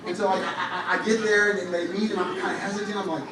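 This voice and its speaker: A young man preaching a lively sermon, telling stories with humor and rising to shouts at times. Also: high-pitched, quick pace. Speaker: church speaker. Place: large church hall. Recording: echoey hall, from far off, faint noise.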